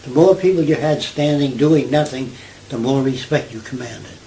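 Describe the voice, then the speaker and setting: A man's voice: medium pitch, normal speed, vocal fry, poor audio. Older new guy telling stories in an interview, keeps asking if you get it, bit of room noise. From New York. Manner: animated storyteller, asks listener if they follow. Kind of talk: conversational interview.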